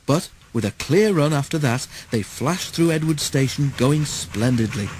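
A man narrating a children's storybook in a steady, measured way. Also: on the high side, slight background noise, low-quality recording. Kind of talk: storybook read-aloud.

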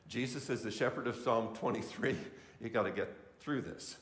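A man's voice: lowish voice, brisk, few pauses, a bit bright. A male pastor giving an earnest sermon to a congregation, repeating key phrases for emphasis. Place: church sanctuary. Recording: echoey church room.

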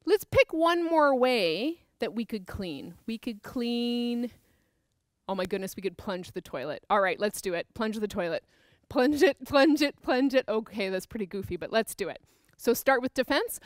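A woman's voice: a little high, lively intonation, moderate pace, no echo, studio quality. A woman teaching a creative movement dance class for children, upbeat and encouraging as she counts out the moves. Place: dance studio with a piano.

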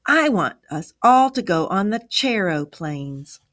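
A woman voicing an excited young boy in a storybook read-aloud, with high, eager lines. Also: slow pace.

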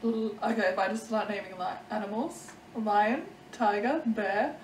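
A woman guest on a vlog, talking in slow, giggly casual chat. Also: medium pitch, darkish tone, roomy sound, distant mic, a little hiss or hum, rough recording.

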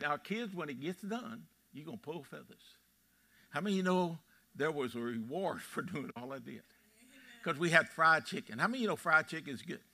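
Folksy old Texan pastor, bright voice. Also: male voice, on the high side. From Texas. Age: 80s. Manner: folksy storytelling, quizzing the congregation. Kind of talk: sermon. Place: church sanctuary.

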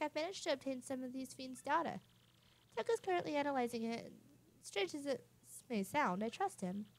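A woman voicing a gentle young princess reading out a letter in a sweet, reassuring way. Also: high-pitched, pitched above the performer's own voice.

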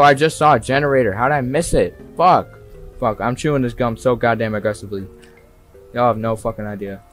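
A young streamer does live commentary on a horror game, excitable and swearing freely, talking straight to the characters and breaking into sudden yells. His voice is fairly low, with faint game music in the background.

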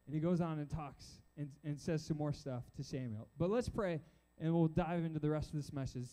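A male youth pastor preaches in a loose, animated way, acting out Bible figures as he goes. His voice sits high but has a dark, mellow tone. The talk is chatty and aimed at a young crowd in a church hall. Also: moderate pace. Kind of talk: casual sermon to a youth crowd. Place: church auditorium with a balcony.

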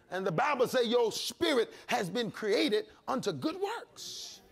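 A male pastor preaching a sermon, shouting and calling on the congregation to answer back. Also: extremely high pitch, sing-song, measured pace, vocal fry, few pauses, breathy edge. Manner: preaching with shouts and call-and-response.

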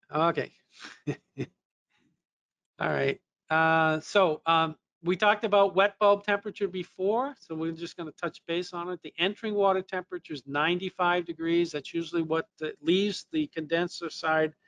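A man with a New England accent talks through a technical lesson in a relaxed, explanatory way. His voice sits a little high for a man, and he often pauses on fillers as he works through each point. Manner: casual explanatory, frequent fillers. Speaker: technical trainer.

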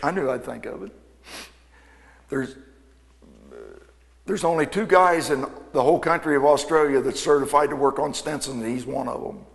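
A folksy man spins a lively shop story for a crowd, jumping into the voices of the people in it. His voice sits at an ordinary pitch, and it rings out with a long hall reverb. He sounds like a practiced speaker at an event. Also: normal speed, vocal fry, pauses often. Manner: folksy, animated anecdote-telling with quoted dialogue. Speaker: aircraft mechanic and speaker. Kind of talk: storytelling talk to an audience.

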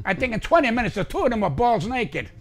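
A man's voice: very high voice, big pitch swings, quick pace. An older man, a comedian guest telling brash, profane, rambling stories in an interview. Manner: brash, profane, rambling anecdotes with acted-out quotes.

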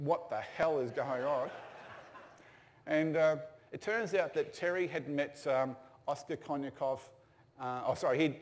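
An older man, telling stories casually with fillers and restarts. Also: medium pitch. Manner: casual anecdotal storytelling with fillers. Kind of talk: storytelling talk.

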